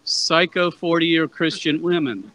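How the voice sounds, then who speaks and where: A man's voice: a little high, animated, unhurried, a bit bright, low-quality recording. A man interviewing passersby on a university plaza as a street activist, asking persistent, probing questions and stumbling over repeated words.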